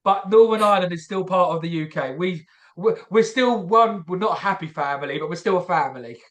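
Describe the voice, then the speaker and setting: A man's voice: high voice, fairly quick, a bit bright. A man from London with a London accent, hosting a comedy podcast in a jokey, casual way and swearing freely. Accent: London English. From London, England. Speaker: podcast host.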